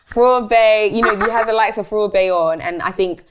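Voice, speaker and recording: A woman's voice: mid-range voice, fairly quick, background noise. A woman hosting an interview, asking probing questions and murmuring agreement as she listens. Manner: probing and conversational, giving frequent murmured backchannels. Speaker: host.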